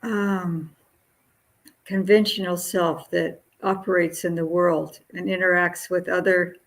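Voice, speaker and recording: A Buddhist nun giving a dharma talk, who hesitates, searches for words and laughs lightly. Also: female voice, lowish voice, vocal fry, low-quality recording.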